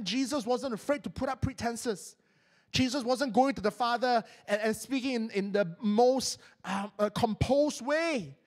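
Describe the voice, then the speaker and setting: A Malaysian-accented pastor delivers a sermon from a church stage. His voice sits high for a man, and he talks in an animated way, often doubling up his words. He breaks into playful put-on prayer voices as he preaches. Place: church stage, live-streamed.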